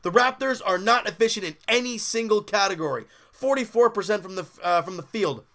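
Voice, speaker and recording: Man, sports podcast host, casual game commentary, high-pitched, bright tone, exasperated fan manner. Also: animated, a little fast. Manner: candid, exasperated fan talk with restarts.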